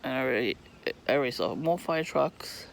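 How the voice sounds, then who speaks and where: Gravelly, cursing man with a cough. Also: medium pitch, expressive, brisk. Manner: profane, irritated and rambling, laughs often. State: coughing and throat-clearing from asthma. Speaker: vlogger. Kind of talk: rambling casual monologue. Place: outdoors on a residential street.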